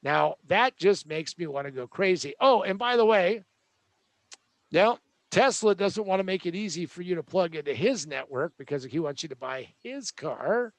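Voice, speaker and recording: High-voiced man ranting about gadgets. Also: lively intonation, normal speed, no echo. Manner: sarcastic, joking, rambling. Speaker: host. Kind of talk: comedic tech rant.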